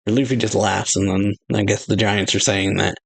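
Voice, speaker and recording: A man's voice: fairly low pitch, flat delivery, moderate pace, creaky, slightly rough, poor audio. A man reading a manga chapter aloud in a casual way, reacting and narrating who says what. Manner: narrates dialogue with "says", light laughs and asides.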